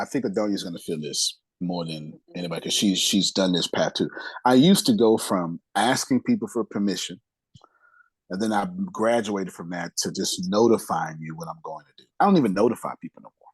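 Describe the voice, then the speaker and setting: A man hosting a lively group talk, emphatic and animated, repeating his points and laughing often. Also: lowish voice, slightly rough, dry recording, poor audio. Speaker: host and coach.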